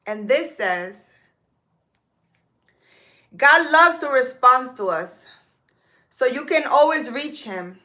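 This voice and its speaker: A woman, a spiritual healer, talking casually and reading scripture aloud slowly and emphatically, with occasional swearing and Spanish words. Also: high voice, expressive, sharp tone. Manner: slow deliberate reading.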